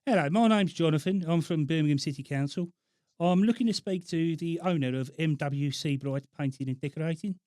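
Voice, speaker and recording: Bloke doing a fake black country council guy, stiff and formal, slightly high, dead dry close mic. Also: fairly quick, a little mellow, no echo, lightly acted. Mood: officious. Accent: put-on Black Country. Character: male council officer, stiff and officious. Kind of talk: prank call.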